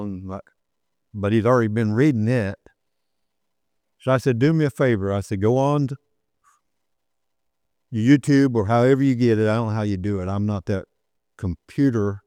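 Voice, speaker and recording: An older man preaching a sermon, telling a story and rising to emphatic points, then slowing down to read scripture. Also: on the low side, darkish tone, clean tone, no room sound, studio quality.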